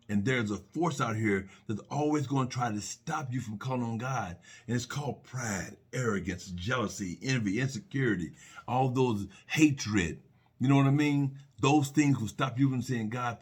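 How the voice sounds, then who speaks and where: Husky earnest middle-aged man. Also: medium pitch. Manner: earnest, repetitive, preachy with restarts and rhetorical questions. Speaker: speaker sharing personal faith reflections. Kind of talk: personal spoken reflection.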